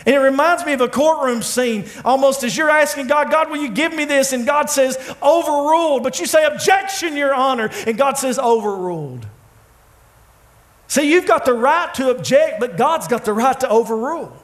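A man preaching a sermon in a church, with dramatic pauses, swinging from loud, pleading lines to hushed ones. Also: very high voice. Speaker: pastor. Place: church sanctuary.

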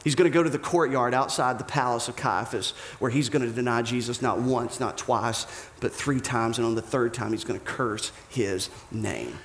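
Animated man preaching in an echoey room. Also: medium pitch, moderate pace, a little hiss or hum. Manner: animated storytelling, acting out voices of the characters. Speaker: pastor. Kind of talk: sermon. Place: church auditorium.

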